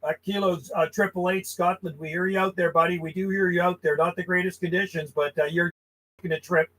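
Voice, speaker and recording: A man from Canada chatting and calling stations live from his home radio room as a ham radio operator, friendly and relaxed. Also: sits high, brisk, slight background noise, rough recording.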